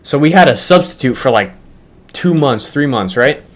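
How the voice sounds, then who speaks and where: A man's voice: mid-range voice, normal speed. A young man casually telling a funny school story, swearing often and laughing as he goes. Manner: animated, profane, laughs while telling.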